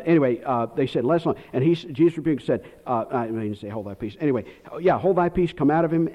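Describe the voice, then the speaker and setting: A man preaching a sermon, rambling off on tangents and then hammering his points hard. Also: medium pitch. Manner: rambling, digressive preaching with sudden emphatic outbursts. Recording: dull lo-fi recording.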